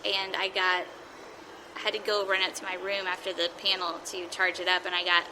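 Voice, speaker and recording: A woman hosting a casual roundtable chat, telling stories in an animated way with quick laughs. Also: lowish voice, noisy background. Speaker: podcast host.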